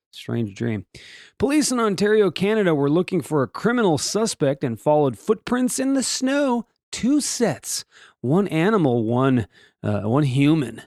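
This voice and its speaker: Lively man riffing on odd news. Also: a little high, no echo, studio quality. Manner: animated, with joking asides and rhetorical questions. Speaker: host. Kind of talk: comedic reading of offbeat news stories.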